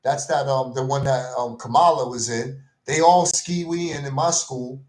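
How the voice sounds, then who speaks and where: A man's voice: mid-range voice, steady tone, a little slow. Slangy ranting man in an echoey room. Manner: slangy, repetitive, exasperated ranting with frequent "man" and "bro". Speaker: commentary vlogger. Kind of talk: casual rant.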